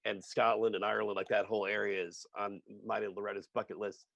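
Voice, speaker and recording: A man's voice: on the low side, level tone, quick pace, creaky, a bit bright, no echo. An American man hosting a casual interview, enthusiastic and laughing often. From United States. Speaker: interview host. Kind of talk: casual video call chat.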